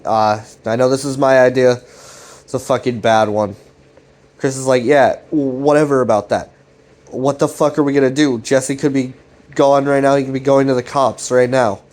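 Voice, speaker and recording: Man, casual recap, rambling, swears a lot, retells dialogue loosely, mid pitch. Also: a little mellow. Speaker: commentary channel host. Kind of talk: casual recap of a web series.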